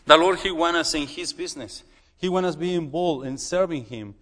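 A man who is a missionary preaching in a church, halting and repeating words as he urges the congregation. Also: on the high side, fairly bright tone, big-room sound. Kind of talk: sermon.

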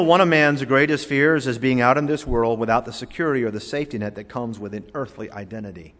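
A pastor from Florida preaching a sermon, with emphatic swings between loud declarations and hushed, drawn-out words. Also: male voice, mid-range voice. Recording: long hall reverb.

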